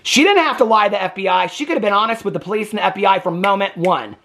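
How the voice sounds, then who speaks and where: Guy ranting about a tv doc, pitch jumping all over, keeps going "okay?". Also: expressive, rapid-fire, bright, forceful tone. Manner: indignant, emphatic, repeats "okay?" for stress. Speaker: TV reaction host. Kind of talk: opinionated commentary.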